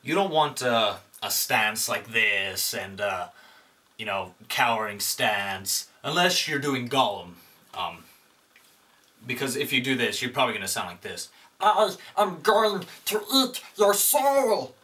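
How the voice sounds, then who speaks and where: A man's voice: on the low side, expressive, unhurried, pushed and bright. A young man hosting a casual comedic tutorial at home, rambling and self-deprecating, with lots of fillers. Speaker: host. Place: room at home, filming himself. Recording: echoey room.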